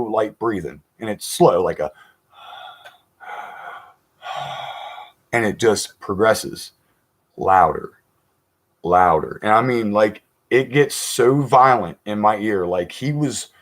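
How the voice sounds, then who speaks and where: Brief: man, mid-pitched, loose rambling storyteller, live-chat guest, laughs as he goes. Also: moderate pace. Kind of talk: casual storytelling on a live stream.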